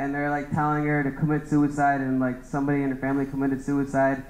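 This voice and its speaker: A man's voice: mid-range voice, completely flat delivery, fast, reverberant, poor audio. A young man doing a rambling stand-up roast of his friends, laughing at his own jokes. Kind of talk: open-mic roast set.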